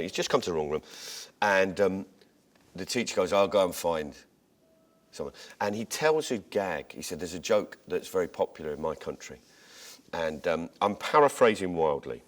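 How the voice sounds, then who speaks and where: A man being interviewed as a comedian, telling jokes and stories in an animated way, restarting his sentences as he goes. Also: sits low. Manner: animated, tangents and restarts while retelling jokes. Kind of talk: conversational interview storytelling.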